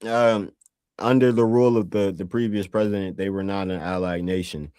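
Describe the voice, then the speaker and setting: A man's voice: low voice, steady tone, normal speed, warm tone, smooth, no room sound, studio quality. A man from the United States in casual podcast chat, talking emphatically with lots of swearing and stumbling over repeated words. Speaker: podcast co-host.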